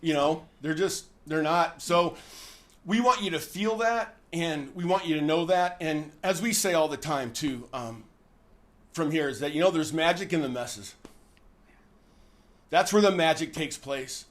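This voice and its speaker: Animated, high-voiced man telling a joke. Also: a little slow. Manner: folksy, animated storyteller with lots of fillers. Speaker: host; former pastor. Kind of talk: casual chat with joke telling.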